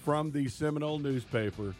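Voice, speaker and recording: A man's voice: on the high side, a little fast, faint music behind. A man co-hosting a casual sports radio show, jumping in with short remarks. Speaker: radio co-host.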